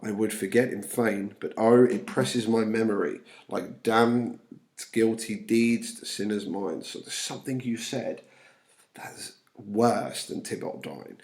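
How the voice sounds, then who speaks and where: Guy with a low gravelly voice going through a play line by line, reads the verse louder then explains it quieter. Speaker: teacher.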